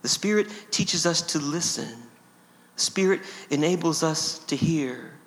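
A man's voice: on the high side, expressive, unhurried, a bit bright. A man preaching a sermon to his congregation, emphatic and repeating phrases for stress, in a church sanctuary. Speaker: pastor. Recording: echoey hall reverb.

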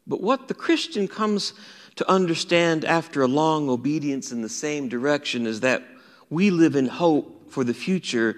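A man preaching, his voice sitting somewhat high for a man. He swings from raised, emphatic lines down to hushed near-whispers, and a long reverb trails each phrase. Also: expressive, moderate pace. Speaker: pastor. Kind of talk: sermon.

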